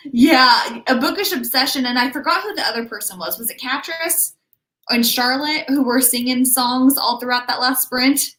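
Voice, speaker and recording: A woman's voice: sits high, expressive, a little slow, bright, forceful tone. A young woman hosting a writing livestream, chatting casually and bubbly with viewers. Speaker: writing channel host. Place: home room. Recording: echoey room.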